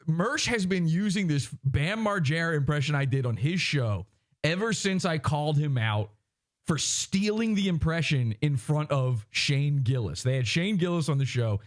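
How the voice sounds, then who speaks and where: A man hosting a podcast livestream, sitting a little high in pitch for a man. He rants with wide swings up and down, mocking as he goes. He keeps dropping into quick impressions. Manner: animated, mocking, slips into impressions. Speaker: podcast host. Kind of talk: ranting livestream commentary.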